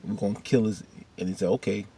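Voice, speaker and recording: A man's voice: lowish voice, steady tone, fast talker, mellow, slight background noise. A man recapping a TV episode in a casual, rambling way, often backtracking and calling his viewers y'all. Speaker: TV episode reviewer.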